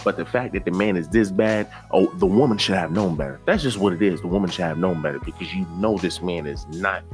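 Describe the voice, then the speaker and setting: Low-voiced man doing preachy commentary. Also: fairly quick, hardly any pauses, faint music behind. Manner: preachy, repeats himself with rhetorical questions. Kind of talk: reaction commentary.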